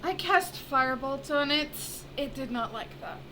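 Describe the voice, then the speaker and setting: A woman's voice: high-pitched, lively intonation, normal speed, pushed and bright. A woman playing in a tabletop game, speaking hesitantly with many fillers and giggles. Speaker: player. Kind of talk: casual tabletop play. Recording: noisy background.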